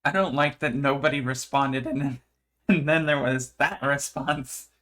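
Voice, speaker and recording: A man's voice: mid-range voice, steady tone, measured pace, a bit bright. A man hosting a tabletop game stream, chatting casually with playful, laughing banter. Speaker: show host and player. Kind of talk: casual chat.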